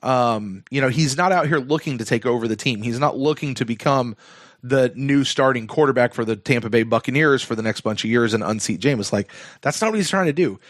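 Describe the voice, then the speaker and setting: A man's voice: medium pitch, fairly quick, no echo, studio quality. Man casually chatting football on a podcast. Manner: rambling, lots of fillers and restarts. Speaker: podcast co-host. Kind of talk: casual fan podcast chat.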